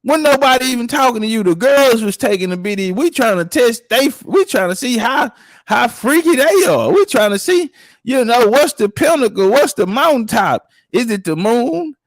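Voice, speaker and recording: A man's voice: very high-pitched, expressive, moderate pace, no echo. A man telling profane stories in casual chat and acting out the people he quotes. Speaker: podcast guest. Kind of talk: casual storytelling.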